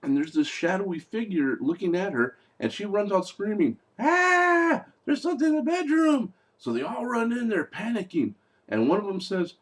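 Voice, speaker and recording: A man's voice: high-pitched, big pitch swings, normal speed, a little mellow. A young man giving a casual, mocking movie review, talking loosely and acting out lines.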